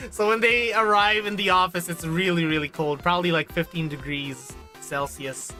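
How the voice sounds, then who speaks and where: Female game streamer, bright, sharp tone; casual and excitable, reads on-screen dialogue aloud, swears easily. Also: on the low side, moderate pace, faint music behind. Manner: animated, gushing, swears casually. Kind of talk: casual gaming livestream, reading game text aloud.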